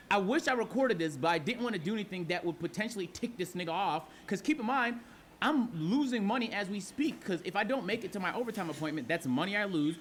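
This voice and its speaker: A young streamer recounts a story to his chat, cursing freely and dropping to a hush whenever he acts out his own polite replies. His voice sits high and swings widely in pitch. A faint hiss lies under it. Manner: animated, profane, talks to chat, acts out his side quietly.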